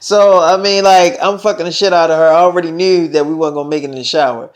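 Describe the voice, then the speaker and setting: A man casually retelling a story in slangy speech, quoting others with "she was like" and filling pauses with "so, um". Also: on the high side, steady tone. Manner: loose, rambling delivery with filler "so, um". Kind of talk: casual first-person storytelling.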